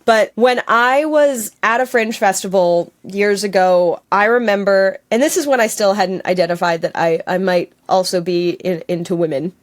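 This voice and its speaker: A woman from Canada telling a personal story in an interview, animated and laughing, acting out her own quotes. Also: mid-range voice, normal speed, hardly any pauses. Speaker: storyteller guest. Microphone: on camera, video call.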